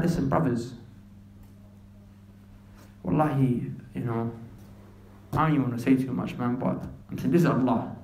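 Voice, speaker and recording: A fervent man delivers a sermon in a reverberant room, his voice sitting a little high for a man. He speaks directly to his listeners as brothers and mixes in street slang. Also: a little mellow, a little hiss or hum. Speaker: Islamic preacher.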